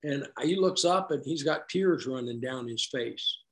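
A man's voice: mid-range voice, measured pace, a bit bright. A middle-aged man telling his own recovery story to a group in a rambling, conversational way, with self-deprecating, wry asides. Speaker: recovery meeting speaker.

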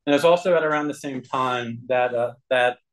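A man sharing his personal recovery story with a group, earnest and candid, with frequent throat clearing. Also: medium pitch, normal speed, a bit bright, low-quality recording.

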